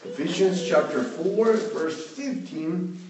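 A man, preaching a sermon as a pastor, slow and measured, with many "you know" fillers. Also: high voice, noisy background. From Mexico. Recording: echoey room from a distance.

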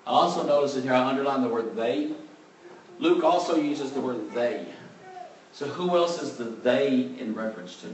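A man giving a conversational Bible teaching, relaxed and thinking aloud, openly admitting what he is unsure of. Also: medium pitch, moderate pace. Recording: very echoey room, mic far off, faint background noise.

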